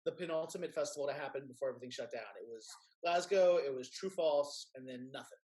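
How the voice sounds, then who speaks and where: Man, Kentucky accent, interview guest, animated storyteller, casual chat. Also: mid-range voice, quick pace. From Kentucky, USA. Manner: animated storyteller, acts out quotes in raised voices. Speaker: filmmaker guest.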